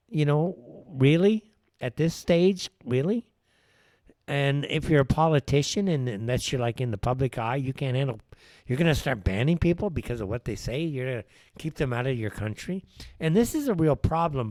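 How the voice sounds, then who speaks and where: Male talk-show host, mid pitch, opinionated and ranting, dry booth sound. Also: darkish tone, dry recording. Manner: opinionated, ranting, rhetorical questions. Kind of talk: live political talk-show monologue. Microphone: wears headphones while speaking.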